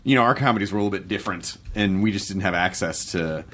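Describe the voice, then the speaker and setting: A man's voice: low-pitched, fast talker, fairly bright tone, a little hiss or hum. A man with an American accent hosting a podcast, rambling and joking casually with his guest. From United States. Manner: jokey, conversational, rambling. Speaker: podcast host. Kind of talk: casual chat.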